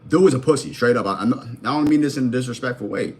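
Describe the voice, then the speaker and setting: A man's voice: medium pitch, fast talker. Blunt, profane man in his thirties. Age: 30s. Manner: blunt, profane and slangy, firing questions straight at the viewer. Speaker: vlogger and life coach. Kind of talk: motivational rant to camera.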